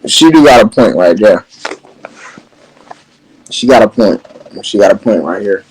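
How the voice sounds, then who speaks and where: A man's voice: on the low side, expressive, unhurried, darkish tone, slight background noise, poor audio. A man casually reacting to a clip with laid-back, wry asides. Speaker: reaction host.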